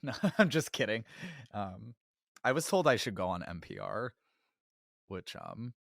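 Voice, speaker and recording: A man's voice: fairly low pitch, wildly swooping pitch, unhurried, creaky, pauses often, fairly bright tone, dry recording, studio quality. Chatty young man with a sore throat. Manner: chatty, self-deprecating, laughs often, apologizes a lot. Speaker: podcast host. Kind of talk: casual solo Q&A.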